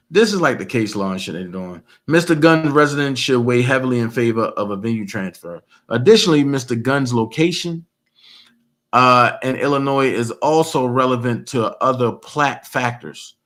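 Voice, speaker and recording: A man commentates on a livestream and reads court records aloud. He keeps breaking off into profane, animated mockery. He sits at a middle pitch for a man. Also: normal speed.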